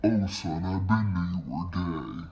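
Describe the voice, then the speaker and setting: A young man puts on a calm father with a very low, mellow voice. He speaks slowly and unbothered, in an easy matter-of-fact drawl, and his tone is dark and relaxed. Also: lo-fi sound.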